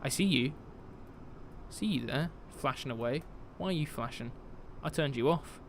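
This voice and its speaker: A man's voice: mid-range voice, lively intonation, moderate pace, gravelly, a little hiss or hum. A man from Britain chatting on a live stream as he shuts down a sim aircraft, laughing often and answering his chat.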